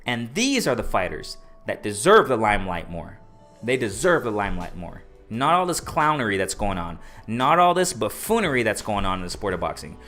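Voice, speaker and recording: Animated ranting man hosting a live stream. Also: mid-range voice, brisk, faint music behind. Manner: animated, ranting, repeats phrases for emphasis. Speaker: boxing live-stream host. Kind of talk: casual live-stream commentary.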